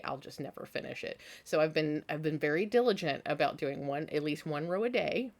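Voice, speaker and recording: A woman with a notably deep, low voice chats casually from home, sounding worn out after a long day of work. She wanders through her thoughts with plenty of fillers and breaks into laughter easily. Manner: rambling, filler-heavy, quick to laugh. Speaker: craft vlogger host. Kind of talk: casual chatty vlog.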